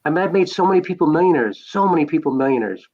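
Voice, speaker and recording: A man's voice: a little high, expressive, racing, breathy edge, highs cut off. An older man, a podcast guest, telling stories in a conversational way, repeating phrases for emphasis. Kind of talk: conversational storytelling.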